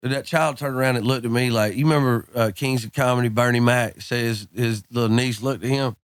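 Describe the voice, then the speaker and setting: A man's voice: mid-range voice, fairly even intonation, brisk, clean tone, dry recording. Laid-back man telling stories, dry studio sound. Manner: laid-back, drawling anecdotes peppered with "man" and "dude". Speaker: podcast guest, country singer. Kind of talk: casual storytelling chat.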